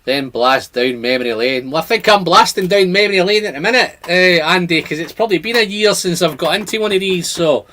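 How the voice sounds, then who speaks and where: Guy chatting on a home livestream, fairly high voice, reads out the chat. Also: fast, hardly any pauses, pushed and bright. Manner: chatty, reads viewer comments aloud. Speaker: whisky channel host.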